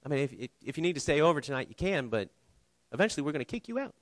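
A man's voice: fairly high pitch, big pitch swings, rapid-fire, no room sound. A man preaching a sermon in a church, earnest and conversational, with small restarts and light humor. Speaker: pastor. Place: church sanctuary.

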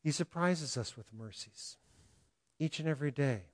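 An older man preaching a sermon in a conversational way, chuckling often and animated as he speaks. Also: fairly high pitch, moderate pace. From California. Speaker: pastor.

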